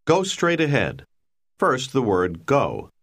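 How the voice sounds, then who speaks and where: A man narrating a language lesson in a slow, clear, measured teaching delivery. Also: mid-range voice, huge pitch swings, a bit bright. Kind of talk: scripted instructional narration.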